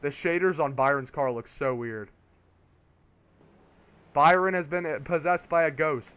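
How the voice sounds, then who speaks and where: A young man streaming a racing game, giving casual play-by-play commentary that turns excitable on restarts. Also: fairly high pitch, a little slow, clear, resonant tone. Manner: excitable, rises to shouting on restarts.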